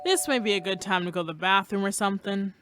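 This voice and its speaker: A young woman playing a deadpan dinner guest in a student sketch comedy. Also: mid-range voice, quick pace, natural voice.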